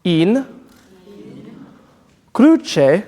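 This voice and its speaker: A choir director, a man with a slightly higher voice, coaching singers through Latin diction. He speaks slowly and deliberately, spelling out every word. His voice rings with the long reverb of a church rehearsal hall. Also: very animated, mellow.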